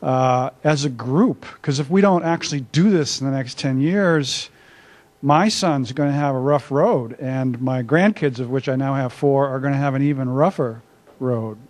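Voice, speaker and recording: In a conference room workshop, an older academic man gives a conversational presentation in a medium-pitched, slightly mellow voice at normal speed. He's self-deprecating and uses many filler "uhs."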